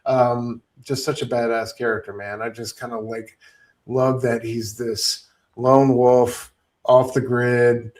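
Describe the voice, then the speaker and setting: A man's voice: medium pitch, level tone, takes it slowly, a little mellow, recorded from a distance. A man co-hosting a casual movie review podcast, talking in a laid-back, rambling, slangy way. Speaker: podcast co-host.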